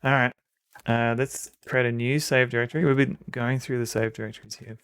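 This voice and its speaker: A man talks his way through a computer game as he plays, thinking aloud in a hesitant way with restarts. His voice has a gravelly, creaky texture and sounds dry and close to the mic. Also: mid-range voice, level tone, a little fast, a bit bright, no echo. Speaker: streamer playing a game. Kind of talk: casual gameplay commentary.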